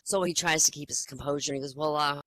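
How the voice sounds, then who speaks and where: A woman's voice: sits low, racing, a bit bright, low-quality recording. A woman hosting a casual online comedy night, telling jokes in a chatty, rambling way with hesitant fillers. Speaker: comedy open-mic host. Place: online virtual-world voice chat.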